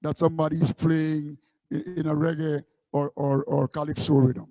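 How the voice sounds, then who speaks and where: A man's voice: fairly high pitch, flat delivery, moderate pace, mellow, no echo, muffled recording. A man from Guyana, a street musician recalling his busking days in a loose, rambling way. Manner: rambling anecdotes with many restarts. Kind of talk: casual storytelling interview.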